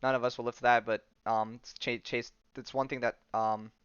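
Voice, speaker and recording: A young male podcast host does a casual comic recap in a smooth, resonant, mid-pitched voice with a fairly bright tone. He talks briskly and flatly, rambling enthusiastically with restarts and slangy asides. The lo-fi recording sounds dull, in a dry, deadened space with no echo.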